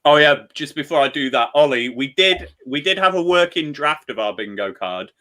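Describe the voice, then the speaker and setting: A man with a Lancashire accent hosts a relaxed football watchalong, cheerful and talkative, breaking into laughs as he goes. His voice sits a touch high and has a bright, forward edge. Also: normal speed. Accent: Lancashire English. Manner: upbeat, chatty, laughs often. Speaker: watchalong host. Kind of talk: casual football chat.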